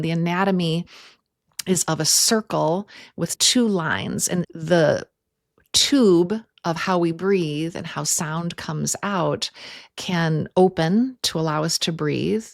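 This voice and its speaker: A woman's voice: fairly low pitch, measured pace, gravelly, dry recording, studio quality. A woman hosting a yoga podcast, explaining breath and throat anatomy step by step in a casual, teacherly way. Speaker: yoga therapist podcast host.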